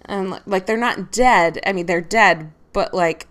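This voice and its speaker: A woman hosting a casual podcast chat, bubbly and laughing often, with some vocal fry today. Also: medium pitch, a little slow, a bit bright. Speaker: podcast host.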